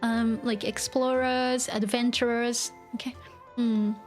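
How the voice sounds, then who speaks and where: A woman's voice: a little high, little pitch movement, slow, soft background music. A woman teaching a language while streaming a video game, thinking aloud and explaining step by step with lots of fillers. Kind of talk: live-streamed gaming lesson.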